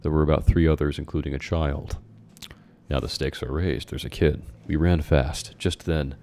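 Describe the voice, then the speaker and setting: A man's voice: rumbling low, fairly even intonation, moderate pace, darkish tone. A man reading his childhood horror story aloud and mocking it with sarcastic, amused asides. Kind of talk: dramatic reading with comic commentary. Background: faint background music.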